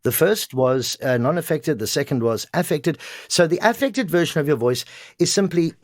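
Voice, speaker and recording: A man's voice: fairly high pitch, no echo, clean studio sound. A middle-aged man, a voice coach talking emphatically in a podcast conversation. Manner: animated, emphatic, quick to act out examples. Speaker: voice artist and coach.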